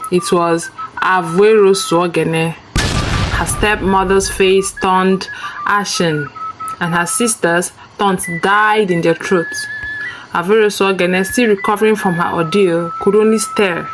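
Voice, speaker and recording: A woman narrating a scripted folktale in a slow, measured storytelling manner, with music behind her. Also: medium pitch, poor audio. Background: background music.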